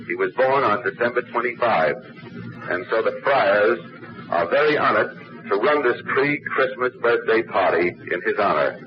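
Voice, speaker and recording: A man opens a club banquet with a formal, measured tribute and slips in dry jokes. The recording is muffled and noisy, like an archival tape of a dinner. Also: medium pitch. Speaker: club official introducing a roast. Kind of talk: formal after-dinner speech. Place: banquet hall.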